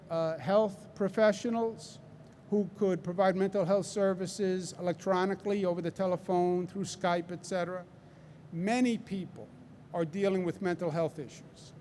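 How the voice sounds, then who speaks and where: A man's voice: high-pitched, darkish tone, slight background noise. A man with a Queens New York accent giving a public press briefing, emphatic and repeating key phrases for stress. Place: large indoor hall.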